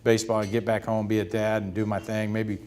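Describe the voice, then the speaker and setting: A man in his fifties, a retired pitcher, telling stories in an interview and laughing as he goes. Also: little pitch movement, fast, darkish tone. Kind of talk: storytelling in a sit-down interview.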